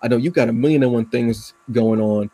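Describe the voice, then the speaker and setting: A man's voice: mid-range voice, a little fast, warm tone, no echo. A man hosting a podcast, chatting casually and emotionally, rambling with many restarts and fillers. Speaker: podcast host. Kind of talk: casual chat.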